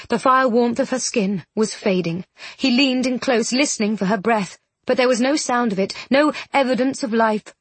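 A woman narrating a novel in an expressive, dramatic audiobook reading. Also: on the high side, moderate pace, breathy edge, no echo.

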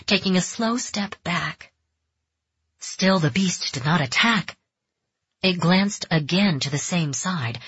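A woman narrating a dark fantasy audiobook in measured, tense storytelling. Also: low-pitched, breathy edge, no room sound. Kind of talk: scripted narration. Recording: dull, dry close recording.

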